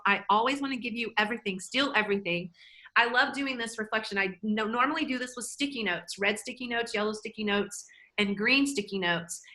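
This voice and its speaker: A woman presenting a live online workshop, energetic and chatty, often cutting herself off mid-sentence. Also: a little high, rough recording. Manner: energetic, chatty, self-interrupting.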